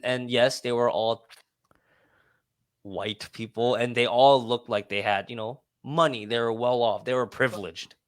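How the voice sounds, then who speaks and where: A man's voice: on the low side, no echo. A man co-hosting a podcast, telling a frustrating story casually, swearing and repeating himself on a close mic. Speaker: podcast co-host.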